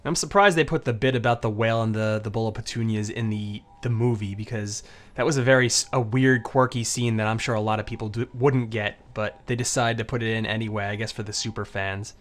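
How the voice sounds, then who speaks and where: A man's voice: fairly low pitch, fairly even intonation, fairly quick. A man giving casual commentary over his own old anime videos, rambling, with many fillers and restarts.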